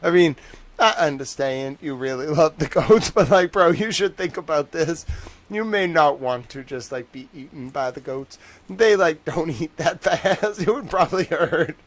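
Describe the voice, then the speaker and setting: A man's voice: on the high side, lively intonation, normal speed. A young man hosting a livestream, rambling in casual chat with lots of fillers and wry laughs. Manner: meandering, lots of "like" and "I don't know"; wry, laughs between stories. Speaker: livestream host.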